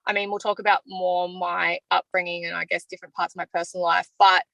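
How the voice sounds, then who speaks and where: A woman's voice: fairly low pitch, level tone, quick pace, creaky, sharp tone, no echo, low-quality recording. An Australian woman answering interview questions openly and from the heart, talking freely about how she feels. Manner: open and heartfelt, talks freely about feelings. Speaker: evicted reality show contestant.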